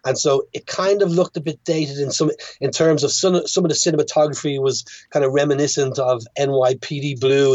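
An Irish man chats casually as a podcast guest, stumbling through restarts and fillers as he gathers his thoughts. His voice sits at a middling pitch. The recording is dry and a little muffled, with a lo-fi dullness. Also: darkish tone, no room sound. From Ireland. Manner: hesitant, many restarts and fillers. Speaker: guest filmmaker.

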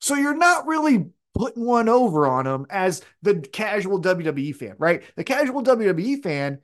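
A man's voice: sits high, big pitch swings, normal speed. A man co-hosting a casual wrestling chat podcast, rambling and opinionated as he talks things through. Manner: rambling, opinionated, restarts often. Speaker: podcast co-host.

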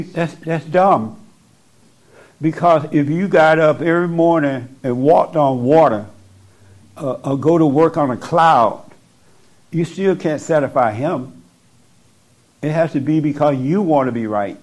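Speaking into a microphone with a fairly high, slightly mellow voice, this man keeps a measured pace broken by long pauses. His spiritual advice to the person before him is blunt and insistent, hammered in through repetition.

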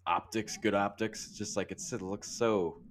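Man, low voice, casual sports podcast banter, joking storyteller, faint noise behind. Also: fairly even intonation, normal speed. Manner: joking storyteller, acts out imagined scenes. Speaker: podcast co-host.

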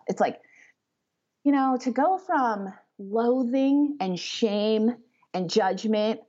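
A woman author talking as a podcast guest, rambling and animated, with many fillers as she explains her ideas. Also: fairly high pitch, takes it slowly. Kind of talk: conversational interview. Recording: slightly muffled lo-fi audio.

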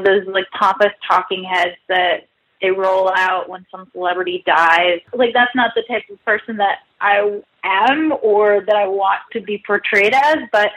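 A woman's voice: medium pitch, fairly bright tone, poor audio. A woman guest writer in her thirties, chatting casually and self-mockingly, full of "like" and asides. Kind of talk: casual podcast interview.

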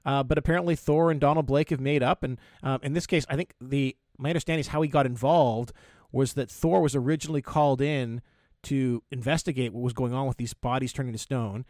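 A man co-hosting a casual podcast chat, talking in halting bursts with many stammered restarts. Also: medium pitch, steady tone, a little mellow, no echo, clean studio sound. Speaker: podcast co-host.

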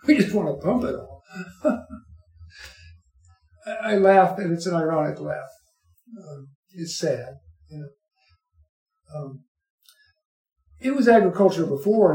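An older man with a slightly high voice tells rambling, wry stories in casual talk, often breaking into chuckles. He sounds like he is in an echoey room, with faint music behind him. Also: dark tone. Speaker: guest storyteller. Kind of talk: casual interview chat.

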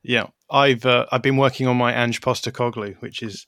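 Thoughtful man, mid-pitched, answering as a podcast guest; dry, close recording. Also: fairly even intonation, normal speed, pushed and bright, dry recording. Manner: thoughtful, qualifying his points as he talks. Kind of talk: interview conversation.

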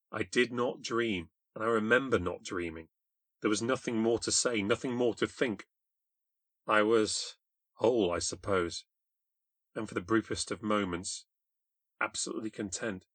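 British male narrator for a ghost story, low-pitched, dry booth sound, wry and confessional. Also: normal speed, a bit bright, no room sound. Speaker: podcast host and narrator. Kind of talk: scripted first-person storytelling.

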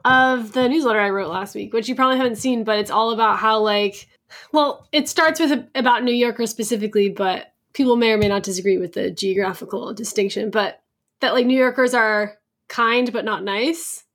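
A woman hosting a casual podcast who thinks out loud, often filling her speech with "like". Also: a little high, a little fast. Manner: reflective, frequent "like" fillers, laughs easily. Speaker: podcast host and newsletter writer. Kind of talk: casual conversational chat.

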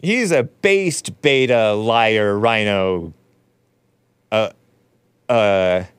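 Guy hosting a show, slow and smooth, dry close mic, rambling sarcastic commentary. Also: on the low side, no room sound. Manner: sarcastic, rambling, with frequent laughs and asides. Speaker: show host. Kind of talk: casual commentary monologue.

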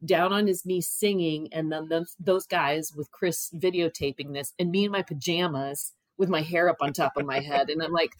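A middle-aged woman tells a personal story in a relaxed, chatty way, jumping up in pitch whenever she acts out what people said. Her voice sits fairly low, and the recording is close and dry with no room sound. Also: normal speed, few pauses, no room sound. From Ohio. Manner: animated, acts out quoted voices. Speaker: guest telling her story. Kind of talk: casual storytelling.

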